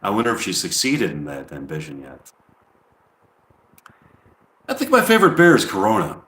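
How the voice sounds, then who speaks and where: A man's voice: deep voice, huge pitch swings, moderate pace, a bit bright, reverberant. A man rambling through an improvised comedy monologue, hesitant and full of ums. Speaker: comedian live-streaming.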